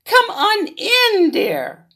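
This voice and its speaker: A woman voicing a sweet, frail grandmother in a storybook reading, with a high quavering voice. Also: huge pitch swings, extremely slow, gravelly, bright, forceful tone, exaggerated voice.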